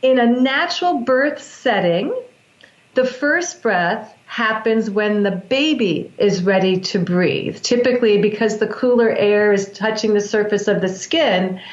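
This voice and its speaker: A woman who works as a breathwork practitioner, explaining in a calm, measured way with frequent restarts. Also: medium pitch, echoey room, lo-fi sound. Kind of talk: explanatory interview talk.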